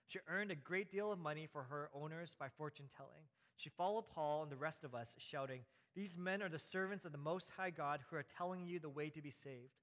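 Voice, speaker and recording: A man's voice: on the high side, a bit bright. A man preaching a conversational sermon, laughing lightly and repeating words for emphasis. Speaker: pastor. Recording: hall reverb.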